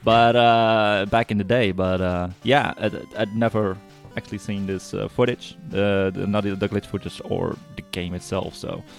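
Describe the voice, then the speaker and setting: A man with a fairly low voice chats casually as a guest alongside a friend's gameplay. He talks in a joking, teasing manner. Soft music sits in the background. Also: fairly even intonation, normal speed, creaky, hardly any pauses. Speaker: guest co-commentator. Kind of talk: casual chat.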